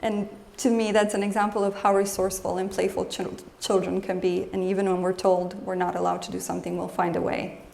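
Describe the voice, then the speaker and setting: A woman's voice: medium pitch, flat delivery, fairly quick, vocal fry, a little mellow. A woman in a mid-range voice gives a live lecture as an emotional health coach. She keeps it conversational and turns to the room with questions. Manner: conversational, poses questions to the audience; acts out scolding voices in quotes.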